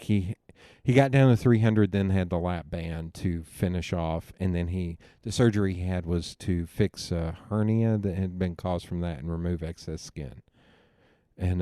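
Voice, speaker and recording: A young man with a fairly low voice hosts a podcast in casual conversation. He tells long family anecdotes and slips into the voices of his parents between laughs. The recording is dry and close. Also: clear, resonant tone, no room sound. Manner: animated storyteller, quoting family with laughs. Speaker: podcast host. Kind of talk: casual storytelling chat.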